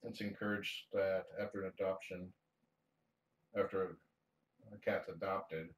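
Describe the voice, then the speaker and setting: A man streaming live as a cat fosterer, talking softly to the cat and explaining the next steps to viewers, restarting his phrases as he goes. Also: sits low, level tone, measured pace. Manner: soft-spoken, coos fondly to a cat. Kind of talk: casual livestream chat. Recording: roomy sound, mic some distance away.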